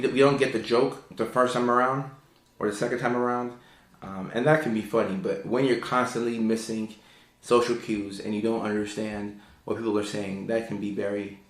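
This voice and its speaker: A man's voice: a bit bright, roomy sound. A man hosting a casual live stream, reading viewer questions and explaining neurodivergence, with lots of fillers and repeated words. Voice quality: calls his own voice sultry and low. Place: indoor home room.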